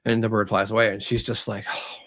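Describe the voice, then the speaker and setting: A man, an author who is a guest on an interview show, retells his story in an easy, conversational way. He tells it with animated energy and slips into voices for the characters as he goes. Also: lowish voice, quick pace.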